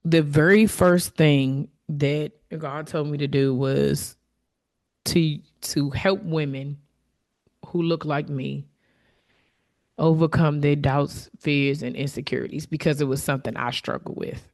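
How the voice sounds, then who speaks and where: Low-voiced woman hosting a heartfelt podcast. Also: fairly even intonation, unhurried, darkish tone. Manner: candid, conversational, openly emotional. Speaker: podcast host. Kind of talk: reflective solo podcast talk.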